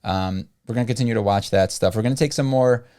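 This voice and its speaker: Man, low voice, casual podcast chat, rambling, filler-heavy. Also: quick pace, clean tone. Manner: rambling, filler-heavy, lively pitch swings. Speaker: podcast co-host.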